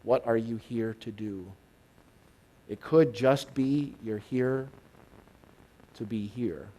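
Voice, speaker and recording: A man's voice: medium pitch, takes it slowly. Impassioned male minister preaching. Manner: swings from hushed and intimate to loud and excited. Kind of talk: sermon. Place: church service, live.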